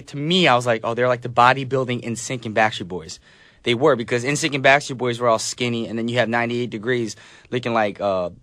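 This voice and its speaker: A man's voice: mid-range voice, no room sound, studio quality. A man hosting a radio show, chatting casually and upbeat while reading listener messages. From United States. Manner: chatty, upbeat, laughs easily. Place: radio studio. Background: soft background music.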